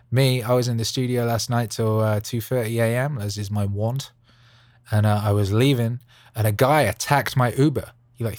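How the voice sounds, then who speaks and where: A man hosting a podcast, rambling casually in an animated, jokey way full of slang. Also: on the low side, dry recording. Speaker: podcast host. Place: Los Angeles studio.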